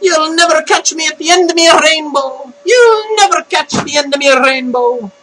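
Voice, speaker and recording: A man putting on a squeaky mock-Irish rainbow sprite. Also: moderate pace, bright, forceful tone, a little hiss or hum, rough recording. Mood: gleeful taunting. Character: cheery Irish-style male rainbow sprite.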